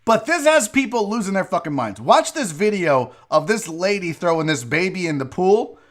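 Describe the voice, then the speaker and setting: A man with a high-pitched, very animated voice talks at normal speed while hosting a casual live-stream show. A little tipsy from drinking, he goes on rambling, profanity-filled rants.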